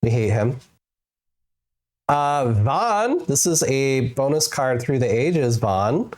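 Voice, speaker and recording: A playful woman streamer chats with her live viewers while she games. Her pitch swoops all over the place, she takes her time with every word, and she keeps giggling and repeating herself to tease the chat. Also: lively intonation, darkish tone. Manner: playful, giggly, drawn-out teasing repetitions.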